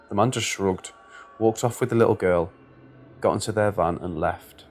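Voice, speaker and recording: A man reading true scary stories aloud in a steady, measured scripted narration. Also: on the low side, a little hiss or hum. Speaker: story narrator.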